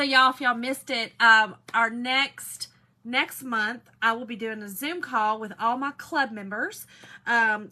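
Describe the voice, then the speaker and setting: A woman from Georgia with a Southern accent hosting a craft live stream in a hoarse, raspy voice, chatting and greeting viewers by name. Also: fairly high pitch, pushed and bright. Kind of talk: casual live-stream chat.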